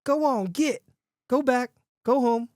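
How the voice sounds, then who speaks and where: A man's voice: sits high, a little fast, no echo, studio quality, natural voice. A man voicing a startled, folksy middle-aged man in his fifties who talks to a strange wolf on his way to the bar. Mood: shouting. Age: 50s. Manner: folksy, excitable exclamations.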